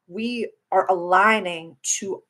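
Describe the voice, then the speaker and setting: A woman's voice: medium pitch, slow pace, pushed and bright. A woman in her thirties hosting a live astrology stream, speaking in an effusive, spiritual coaching manner and answering viewers.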